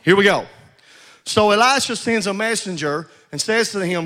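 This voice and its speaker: Brief: a male pastor preaching with a tense, forceful edge and stumbling repetitions. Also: high-pitched, moderate pace. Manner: exhorting, repeats and stumbles over words, calls for responses. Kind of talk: sermon.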